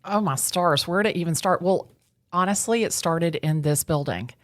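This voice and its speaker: A bubbly, animated woman, her voice sitting low for a woman. She tells her story as a guest on an interview show and acts out the lines of the people in it. The sound is dry and close. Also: normal speed, no room sound. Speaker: real estate agent, guest. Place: real estate association office.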